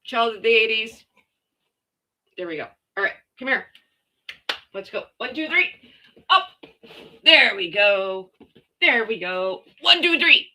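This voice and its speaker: A Canadian woman hosting a casual live chat from home, chatty and quick to laugh as she talks to her viewers and her dogs. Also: fairly high pitch, very animated, bright, forceful tone, slight background noise. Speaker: livestream host.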